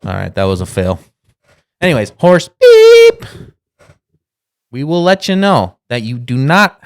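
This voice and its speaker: A man in his thirties co-hosting a casual podcast, rambling with many restarts and swearing as he talks. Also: a little high. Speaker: podcast co-host.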